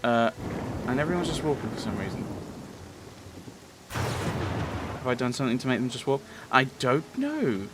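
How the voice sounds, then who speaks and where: A man's voice: medium pitch, big pitch swings, unhurried, long pauses, very noisy. A man casually commentating his game playthrough, rambling with lots of restarts. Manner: rambling, chatty, many fillers and restarts. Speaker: let's play host.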